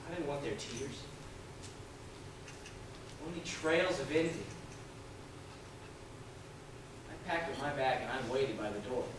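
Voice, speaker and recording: A young man playing an intense, troubled teenage son in a live stage monologue, speaking theatrically and swinging between hushed and loud passages. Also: medium pitch, lively intonation, moderate pace, close to an everyday voice. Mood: brooding. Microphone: distant room mic. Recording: distant, echoey theatre hall, noisy.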